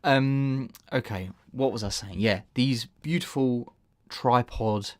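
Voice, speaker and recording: A man's voice: mid-range voice, slow, dry recording, studio quality. A man hosting a casual live stream, rambling and breaking off mid-sentence with frequent laughs. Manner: rambling, self-interrupting, laughs often.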